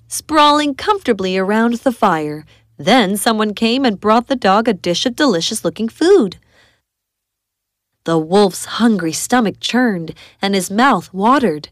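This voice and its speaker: A woman narrating a bedtime story for children in an expressive storytelling read. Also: fairly high pitch, no room sound, studio quality.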